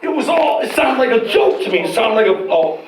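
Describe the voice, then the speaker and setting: A man telling a candid, profane personal story in an animated way, getting loud and shouting at dramatic moments. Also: high-pitched, quick pace, a loud crowd. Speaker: storyteller guest. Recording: roomy echo, distant mic, faint noise.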